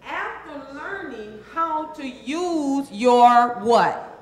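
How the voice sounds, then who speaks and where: A woman's voice: high voice, expressive, very slow. A woman speaking as a transformational coach to a live audience, calling for responses and repeating phrases for emphasis. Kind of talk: motivational seminar talk to a live audience. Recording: very echoey hall.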